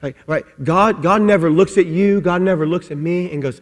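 A middle-aged man preaching a sermon, telling a comic story with shouted quotes, then dropping soft and low for the message. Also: brisk, hardly any pauses. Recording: long hall reverb.

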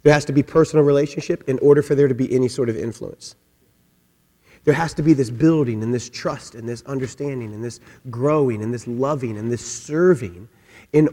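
A man preaching a sermon as a pastor, animated and humorous, acting out little voices to make his point. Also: mid-range voice. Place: church sanctuary. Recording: long hall reverb.

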